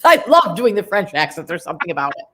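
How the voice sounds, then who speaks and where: A middle-aged actress as an interview guest, chatting casually and laughing, who slips into quick impressions while telling stories. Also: female voice, fairly low pitch, very animated, slightly rough.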